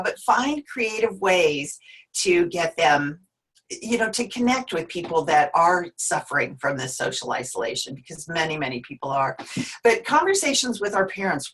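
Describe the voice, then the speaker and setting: A woman's voice: lowish voice, animated, normal speed, fairly bright tone, breathy edge. A woman in her fifties giving an online workshop talk, earnest and emotional, often restarting her sentences. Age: 50s. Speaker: workshop presenter.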